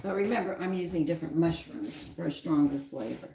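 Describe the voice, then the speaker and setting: A woman's voice: low voice, animated, a little fast, creaky, mellow. A woman hosting a home cooking livestream, chatting with viewers, her pet and herself as she works in her kitchen. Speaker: cooking show host. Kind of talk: casual cooking livestream chat. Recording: noisy kitchen with clattering dishes.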